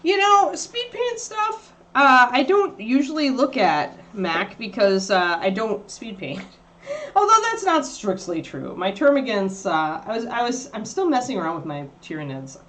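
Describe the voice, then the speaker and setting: A woman's voice: big pitch swings, moderate pace, a bit bright. A woman hosting a livestream, chatting casually and rambling while she paints miniatures. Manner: rambling and chatty, baby-talking to her dog in a high voice.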